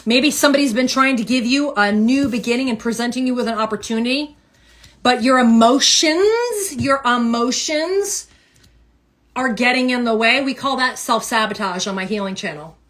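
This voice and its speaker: Woman tarot reader, casual stream, higher-pitched, punchy repeated phrasing. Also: quick pace. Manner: animated, emphatic, repeats phrases. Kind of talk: casual tarot reading livestream.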